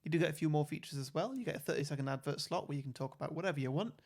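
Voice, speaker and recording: A man's voice: a little high, animated, racing, darkish tone. Laid-back male podcast host. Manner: laid-back, laughing easily, short replies. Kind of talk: casual film chat and show plug.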